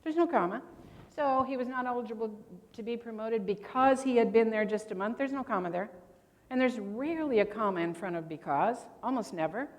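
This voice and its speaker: A woman's voice: on the high side, animated, a little fast. Older woman quizzing a convention hall. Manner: chatty, quizzes the audience. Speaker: grammar presenter. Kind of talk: convention workshop talk. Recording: long hall reverb.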